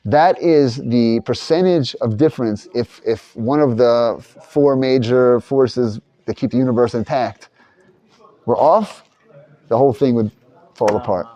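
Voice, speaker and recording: Mellow-voiced man teaching a casual class. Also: mid-range voice, measured pace. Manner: loose, rambling, thinks aloud with restarts. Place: study hall.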